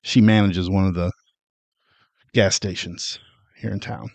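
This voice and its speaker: Low-voiced man in casual film chat. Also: measured pace, gravelly, no echo. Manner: relaxed, laughing, trailing off mid-sentence. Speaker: podcast co-host.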